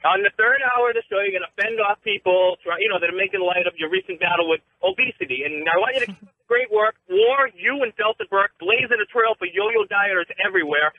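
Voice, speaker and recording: A man calling in to a sports radio show who runs through a deadpan list of insults aimed at the host, heard over the phone. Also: sits high. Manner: rapid, deadpan insult routine. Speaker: caller. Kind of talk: prank radio call. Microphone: telephone. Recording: tinny phone line on radio.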